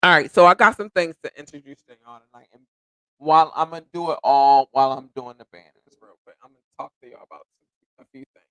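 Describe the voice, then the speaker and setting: A man's voice: on the high side, fast, clear, resonant tone, no echo, low-quality recording. Effusive man hosting a podcast. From United States. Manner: effusive and grateful, repeating thanks and shout-outs; rambling, self-correcting, occasionally tongue-tied. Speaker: podcast host. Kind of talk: casual solo podcast chat.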